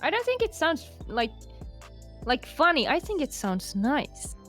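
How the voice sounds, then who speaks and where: A woman with a Finnish accent and a slightly high voice, talking slowly and playfully as a guest in an online board game, repeating her own phrases. She comes through a home microphone on a video call. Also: sing-song, fairly bright tone, soft background music. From Finland. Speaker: guest player. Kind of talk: casual chat while playing online.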